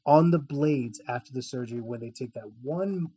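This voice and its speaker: A man's voice: mid-range voice, moderate pace, mellow, a little hiss or hum. A man co-hosting a film podcast, enthusiastic and profane, reading trivia and arguing his points. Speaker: podcast co-host. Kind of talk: casual film chat.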